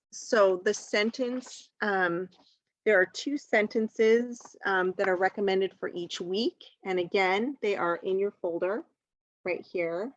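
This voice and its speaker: A woman's voice: mid-range voice, a bit bright, no room sound. A woman teacher walking parents through a home reading activity step by step, patient and encouraging, with frequent "um"s and "okay?" check-ins. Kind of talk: instructional walkthrough for parents.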